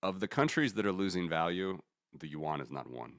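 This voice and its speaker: A man's voice: low-pitched, lively intonation, a little fast, a bit bright, no echo, studio quality. A man hosting a casual commentary stream, rambling and correcting himself as he talks through charts. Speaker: host.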